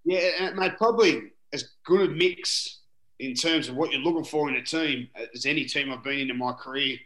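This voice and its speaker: A man's voice: medium pitch, a little fast, pushed and bright. A middle-aged Australian man, a former rugby league player, telling rambling stories in a casual interview, full of "you know" and the odd swear. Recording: roomy echoing room.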